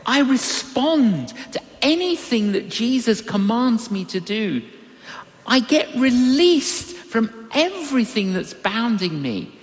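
An older preacher giving a sermon and telling personal stories, acting out the people in the stories. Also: medium pitch. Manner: animated, acts out quoted voices. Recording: long reverberant hall.

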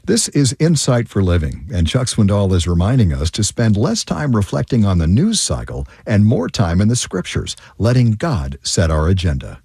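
A man announcing a radio program in calm, measured scripted narration. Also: lowish voice, husky, no room sound, clean studio sound.

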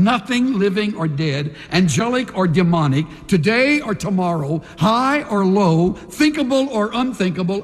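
A man preaching a sermon as pastor, emphatic, with slow dramatic pauses between phrases. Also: high voice. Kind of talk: sermon with altar call. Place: large church sanctuary. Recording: long reverb in a large hall.

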